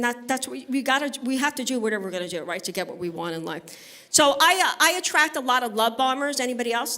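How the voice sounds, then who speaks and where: A woman from Brooklyn performs stand-up on a live studio stage. Her voice sits a little on the high side. She is brassy and conversational, and she keeps checking in with the crowd. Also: a bit bright. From Brooklyn, New York. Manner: brassy, conversational, banters with the audience. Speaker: stand-up comedian. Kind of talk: stand-up comedy set at a benefit concert.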